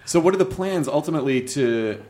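A man's voice: on the high side, lively intonation, brisk, crowd noise. A man in casual comedy chat, rambling and joking, cutting himself off mid-sentence. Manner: rambling, self-interrupting, jokey.

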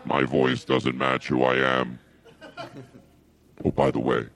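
A man voicing a creepy, menacing male thriller villain in a deep, gravelly drawl. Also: monotone, slow, a bit bright, full character voice.

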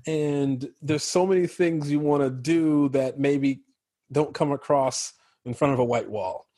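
A man's voice: fairly high pitch, a little slow, darkish tone, no room sound, clean studio sound. An American man from Chicago, a guest actor in casual podcast chat, rambling loosely and laughing often.

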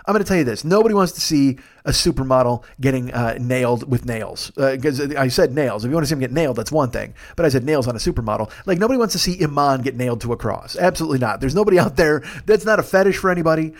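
Fast-talking, profane male comedy podcaster. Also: mid-range voice, expressive. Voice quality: pleasant, resonant voice. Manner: rambling, profane storytelling with tangents. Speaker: podcast host. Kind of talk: solo comedic monologue.

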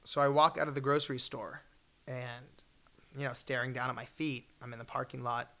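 A man in his twenties telling a story at a fireside chat, animated, acting out the people in it and laughing often. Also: mid-range voice, brisk. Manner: animated, acts out voices, laughs often, shouts in bursts.

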